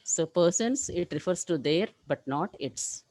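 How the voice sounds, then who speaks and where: A woman teaching a live English grammar class, explaining rules step by step and often checking with "clear?". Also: lowish voice, lively intonation, measured pace, dark tone, dry recording, rough recording.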